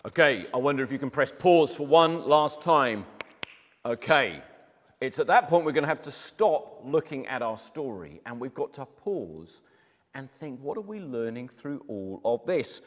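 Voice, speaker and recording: A man's voice: medium pitch, lively intonation, a little slow. A man teaching a Bible lesson, retelling the story dramatically and speaking to his viewers directly. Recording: reverberant room.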